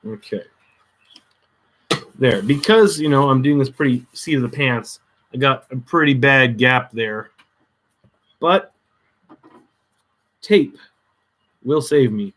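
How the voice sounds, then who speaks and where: A man's voice: medium pitch, takes it slowly, long pauses, fairly bright tone. Guy livestreaming a craft build, mumbling to himself, dry sarcastic jokes. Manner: mutters to himself while working, dry sarcastic asides. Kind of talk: casual crafting livestream chat.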